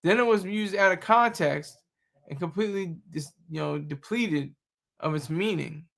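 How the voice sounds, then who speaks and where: A man's voice: high voice, moderate pace, creaky, fairly bright tone. A man streaming live, talking back to chat and news clips in a mocking, combative way. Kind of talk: casual live-stream commentary.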